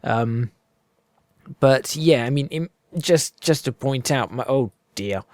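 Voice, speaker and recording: A man's voice: medium pitch, lively intonation, slow pace, darkish tone, dry recording. A man giving rambling, self-deprecating let's-play commentary into a close desk microphone. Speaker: gaming video creator. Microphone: desk microphone close to the mouth.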